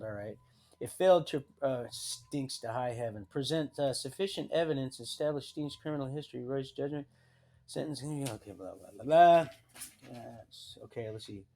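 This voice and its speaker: A man's voice: on the high side, a little mellow. A man on a livestream telling a personal story in a rambling way, with many restarts and trailing sentences, reading documents aloud and adding wry asides. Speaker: livestream host.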